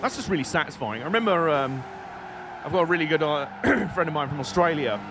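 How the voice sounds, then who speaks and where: A man's voice: on the high side, expressive, fast talker, background noise. A British man streaming a racing game, chatting casually and joking with his viewers while he drives. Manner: chatty, joking, reads chat aloud. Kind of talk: casual live-stream commentary.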